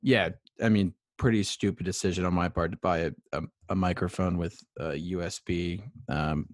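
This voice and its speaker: Low-voiced young man rambling on a podcast. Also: steady tone, normal speed, dry recording. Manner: rambling, filler-heavy, self-deprecating. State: out of breath. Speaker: solo sports podcast host. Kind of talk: casual rambling sports podcast. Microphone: USB microphone.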